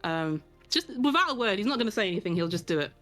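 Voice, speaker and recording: A woman's voice: mid-range voice, big pitch swings, fast, fairly bright tone. A woman playing a tabletop game, describing her character's actions in a playful, giggly way. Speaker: player. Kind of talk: casual tabletop play.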